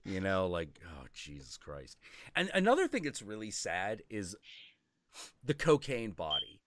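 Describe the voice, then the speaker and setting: Casting: male stream host, lively up-and-down delivery, profane and rambling, dry close mic. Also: fairly low pitch, unhurried, no room sound. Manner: profane, rambling storytelling with mock-quoted voices. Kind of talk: casual chat.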